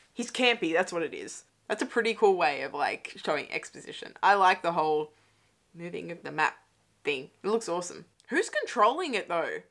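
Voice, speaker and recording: A woman's voice: on the low side, a bit bright. A young adult woman hosting a casual movie commentary from home, chatty and laughing often, with frequent swearing. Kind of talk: casual watch-along film commentary. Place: home room.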